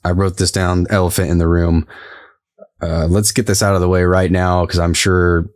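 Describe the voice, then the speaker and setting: A man's voice: low-pitched, flat delivery, moderate pace, no room sound, studio quality. A man co-hosting a podcast, recapping a TV episode in casual, rambling chat and laughing easily. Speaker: podcast co-host.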